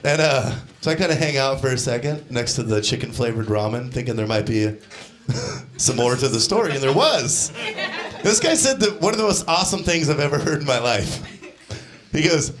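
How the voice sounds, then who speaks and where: A young man doing a stand-up comedy set on a club stage, deadpan, now and then shouting out the lines of the people in his stories. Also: medium pitch, moderate pace. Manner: deadpan, acts out quoted characters with shouted voices. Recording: live club set with crowd laughter. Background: audience laughter.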